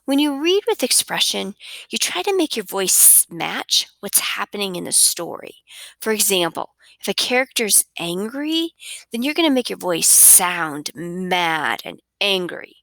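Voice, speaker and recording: A woman teaching a recorded reading lesson for children, with an expressive, sing-song teacher's delivery on a close mic. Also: mid-range voice, measured pace, vocal fry, no echo.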